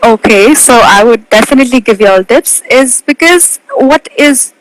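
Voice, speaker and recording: Earnest high-voiced young woman. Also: lively intonation, dry recording, low-quality recording. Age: 20s. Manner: earnest, stresses key words, slows to make a point. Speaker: pageant titleholder guest. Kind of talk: casual interview over a live video call. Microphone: video call.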